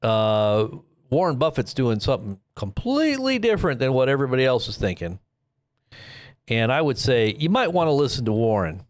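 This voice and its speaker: A man's voice: mid-range voice, dry recording. Guy hosting a live news stream, rambly and jokey, keeps cutting himself off, mid voice, dry close sound. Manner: rambling, self-interrupting, joking. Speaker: host. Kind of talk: casual livestream commentary.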